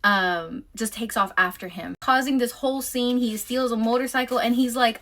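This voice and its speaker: A woman's voice: a little high, moderate pace, pushed and bright. Chatty woman recapping a book. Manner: chatty, lots of "like" fillers.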